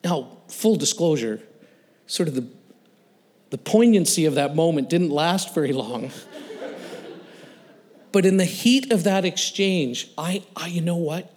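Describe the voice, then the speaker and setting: A male guest speaker telling a personal story in a sermon, animated, laughing and acting out the voices of the people in it. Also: a little high, unhurried, pauses often. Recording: long reverb of a large hall.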